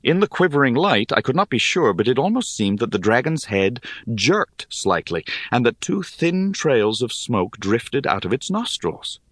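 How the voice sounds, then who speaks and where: A man reading a story aloud in measured, expressive narration. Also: mid-range voice, breathy edge, no echo, clean studio sound. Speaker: audiobook narrator. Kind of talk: scripted narration.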